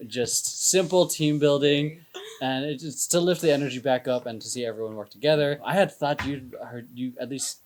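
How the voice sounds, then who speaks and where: A person on a casual podcast, soft-spoken, trailing off quietly at the ends of phrases. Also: medium pitch, normal speed. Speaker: podcast co-host, dance company member.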